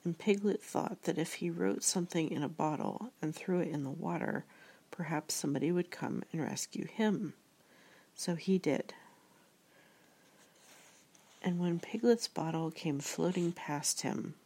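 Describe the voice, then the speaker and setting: A woman reading an audiobook with a low voice and a gravelly edge of vocal fry. She narrates in a measured, reflective way, giving each idea room. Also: warm tone.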